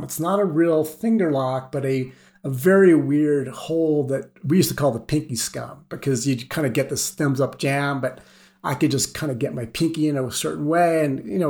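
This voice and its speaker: A man, a guest on a climbing podcast, telling stories in a casual and animated way, laughing now and then. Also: a little high, creaky. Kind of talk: casual storytelling.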